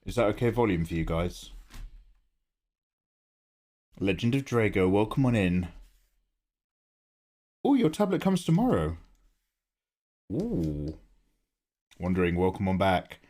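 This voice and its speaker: A man's voice: low-pitched, measured pace, pauses often, darkish tone. A man chatting casually on a live stream while he draws, thinking aloud and greeting viewers by name. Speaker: livestreaming artist.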